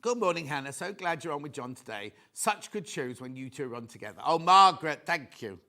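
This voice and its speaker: A man presenting on a TV shopping channel, chatting excitedly and tossing quick asides to viewers and crew. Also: fairly high pitch. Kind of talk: live TV selling chat.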